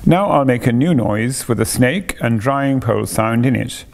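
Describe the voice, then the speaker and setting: A man's voice: mid-range voice, animated, moderate pace, gravelly, a little mellow. A man voicing a cheerful, playful cave-dwelling father in a storybook reading, teasing and patient.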